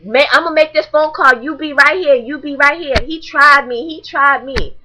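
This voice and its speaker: A woman imitating a defiant, bratty eighteen-year-old girl who mouths off, in a shrill, whiny way. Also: normal speed, sharp tone, slight background noise. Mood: taunting, defiant.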